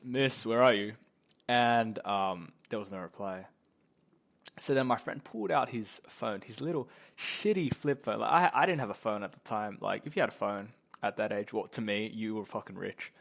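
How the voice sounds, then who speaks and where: A man's voice: medium pitch, gravelly. A young man telling a story casually, rambling and profane, with lots of fillers. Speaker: vlogger.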